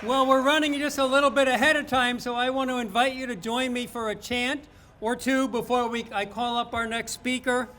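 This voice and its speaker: A man's voice: very high-pitched, level tone, brisk, pushed and bright. A man emceeing an outdoor rally, introducing speakers and leading rousing call-and-response chants.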